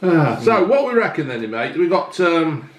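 English male host, blunt and sweary, animated delivery, roomy sound. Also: fairly high pitch, normal speed. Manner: blunt, sweary, laughing banter. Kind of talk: casual food review chat. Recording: echoey room with faint noise.

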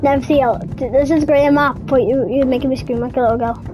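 A woman's voice: high-pitched, steady tone, quick pace, over music. A woman gamer giving casual commentary on a horror game, full of jumpy, startled exclamations.

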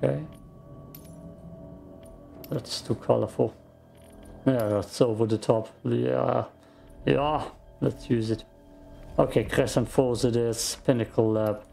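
Slow, gravelly male streamer. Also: mid-range voice, faint music behind. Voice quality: gravelly morning voice. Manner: slow, calm, thinks out loud. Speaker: game streamer. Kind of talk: casual gameplay commentary.

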